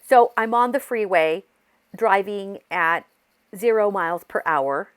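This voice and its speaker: A woman vlogger chatting casually and excitedly, rambling through a story with restarts while she crafts. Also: mid-range voice, a little slow, smooth. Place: home craft desk.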